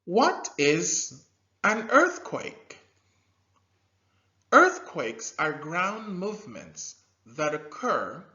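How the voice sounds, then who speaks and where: A man teaching a scripted science lesson to young learners, slow and animated, with drilled repetition and loud praise. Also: on the high side. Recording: dull lo-fi recording.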